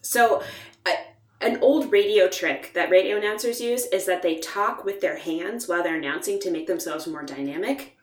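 A woman academic co-hosting a podcast, telling a story in an animated, emphatic way with laughter. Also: on the low side, moderate pace, echoey room, recorded from a distance. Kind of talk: casual chat, storytelling.

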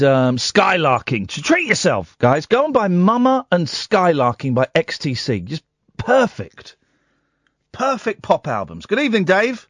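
A man's voice: on the high side, dry recording. A man hosting a late-night radio phone-in, talking in a combative, sarcastic way to callers.

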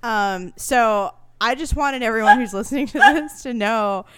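A woman's voice: a little high, measured pace, a bit bright. A woman co-hosting a casual movie podcast, chatty and playful, laughing often as she tells stories. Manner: playful, giggly, chatty storytelling. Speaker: podcast co-host.

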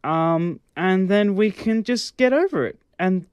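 A man's voice: high-pitched, animated, measured pace, smooth, no echo, highs cut off. A man in a casual chat, ranting crudely and with lots of energy. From Australia.

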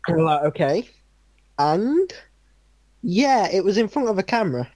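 Young guy, halting storyteller, giggly, dry close mic. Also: high voice, sing-song, darkish tone, no room sound. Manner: laughs often, halting storytelling. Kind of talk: casual chat.

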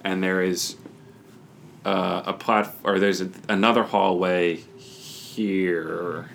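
A man's voice: low voice, little pitch movement, takes it slowly, gravelly, a bit bright, slight background noise. Man running a tabletop game. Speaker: game master.

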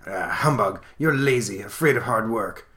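A man's voice: fairly low pitch, animated, normal speed, a bit bright. A man voicing a stingy old miser in a comic he reads aloud on a podcast. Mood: scolding.

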